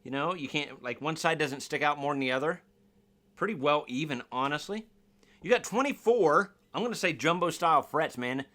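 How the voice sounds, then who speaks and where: A man with a fairly high, bright, forceful voice, chatting loosely through a guitar unboxing. He rambles, corrects himself and jokes at his own expense, keeping the tone easygoing. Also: animated, moderate pace. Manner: rambling, self-deprecating, jokey. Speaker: guitar reviewer. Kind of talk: casual unboxing review.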